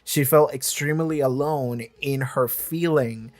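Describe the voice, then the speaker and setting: Young male reaction host, mid pitch, casual and rambly, filler-heavy, earnest, occasional swearing. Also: steady tone, measured pace, darkish tone. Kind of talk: casual commentary on a TV episode.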